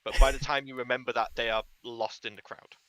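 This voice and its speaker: Bright-voiced male game master. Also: medium pitch, fairly even intonation, brisk, no room sound. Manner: descriptive, uses fillers. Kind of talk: narrating a tabletop game.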